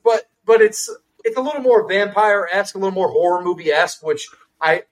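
A man co-hosting a film review podcast, chatting casually with lots of swearing and quick asides. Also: high-pitched, lively intonation, low-quality recording. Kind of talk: casual chat.

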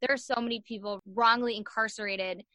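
A young woman tells a story in an animated, chatty way, full of "like" and acted-out quotes. Her voice is bright and fairly high. The recording is dry and close. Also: a little fast, no room sound. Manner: animated, acts out quoted voices, many "like" fillers. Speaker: guest. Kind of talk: casual storytelling in an interview.

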